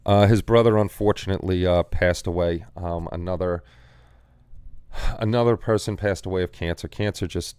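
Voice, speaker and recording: A man's voice: low-pitched, steady tone, moderate pace, a little mellow, smooth, no echo. A man hosting a casual hobby livestream, chatting loosely, repeating words and answering viewers' chat. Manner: rambling, repeats words, reads chat aloud. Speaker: livestream host.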